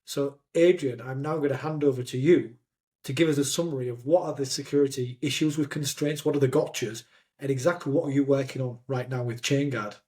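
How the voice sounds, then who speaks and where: A man with a Yorkshire accent hosting a podcast, telling animated stories and acting out what people said. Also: medium pitch, fairly quick. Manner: animated storyteller, acts out quotes. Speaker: podcast host. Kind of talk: casual conversation.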